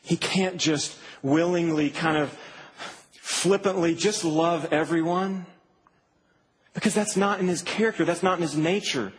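A man preaching a sermon to a campus ministry, earnest and emphatic, dropping soft and then rising to stress. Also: fairly high pitch, measured pace, a little hiss or hum, low-quality recording.

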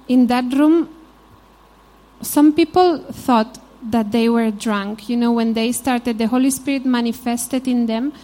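Spanish-accented woman preacher, warm and fairly high, casual storytelling sermon. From Spain. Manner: informal, frequent "you know", storytelling asides. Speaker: Bible teacher. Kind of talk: conversational sermon.

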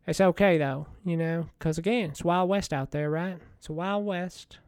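A man in a rambling comedic monologue as a washed-up TV money-show host, folksy, meandering and deadpan. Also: a little high, normal speed, clean tone, dry recording, clean studio sound.

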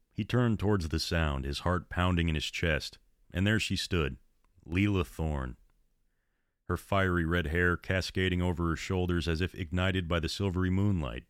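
Male horror storyteller, deep and measured, dry booth sound. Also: no room sound. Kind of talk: reading his own horror story.

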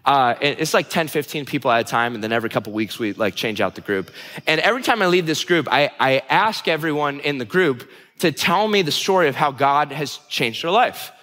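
A young adult man preaching a sermon in a conversational, animated way, teasing his listeners. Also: fairly high pitch, fairly quick, long reverb tail. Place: church hall before a live congregation.

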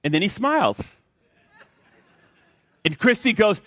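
An older man, a pastor, preaching a sermon with lively storytelling and jokey asides to the congregation. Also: a little high, normal speed, no echo.

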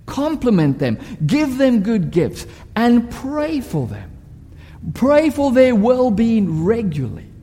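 A man's voice: extremely high pitch, wildly swooping pitch, slow pace, dark tone. A male preacher giving a sermon, telling stories vividly and asking rhetorical questions. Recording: long hall reverb.

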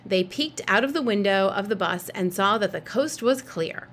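A woman's voice: mid-range voice, animated, moderate pace, fairly bright tone. Woman reading a storybook aloud. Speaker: narrator.

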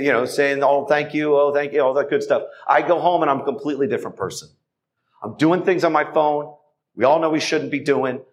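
Man, mid-pitched, earnest testimony speaker urging a men's group in a church hall. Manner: earnest, exhorting, addresses the men directly. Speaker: speaker at a Catholic men's event. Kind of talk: testimony talk to a men's gathering.

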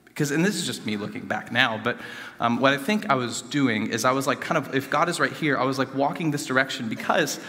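A young man giving an earnest personal testimony to a gathering, rambling with many fillers and swinging between animated and hushed. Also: mid-range voice, fairly quick. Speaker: student speaker giving a testimony. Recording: reverberant hall.

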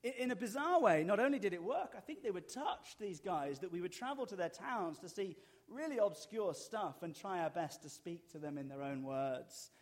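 A man's voice: high voice, animated, moderate pace, few pauses. A middle-aged man, preaching a sermon and telling stories with dry, self-mocking humor. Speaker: pastor.

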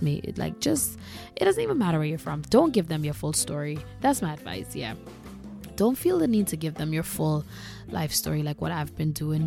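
A woman podcast host with a low, gravelly, mellow voice. She talks to her listeners in a candid, casual solo chat and keeps tossing rhetorical questions back at them. A faint bed of music sits under her voice. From Caribbean.

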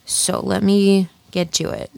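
A young woman hosts a casual solo podcast on a studio microphone, rambling and chatty with plenty of self-deprecating asides. Her mid-range voice is level, creaky, and darkish, and she takes it slowly.

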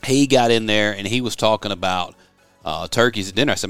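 A man's voice: on the low side, a little fast, a bit bright, clear, resonant tone, no room sound, faint music behind. A middle-aged man from West Tennessee, hosting a podcast in a studio office, rambling and folksy as he tells stories. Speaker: podcast host. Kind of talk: casual podcast chat.

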